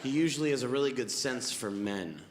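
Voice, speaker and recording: A man in his twenties performing a stand-up comedy set, telling stories quickly and wryly and acting out other people's lines. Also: mid-range voice, lively intonation. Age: 20s. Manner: quick, wry storytelling with acted-out quotes. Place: comedy club stage before a laughing audience. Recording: echoey room with audible noise.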